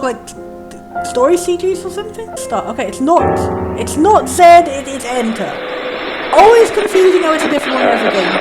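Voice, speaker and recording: A woman hosting a let's play, giving rambling casual commentary full of "like" and restarts. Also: sits high. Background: faint game music.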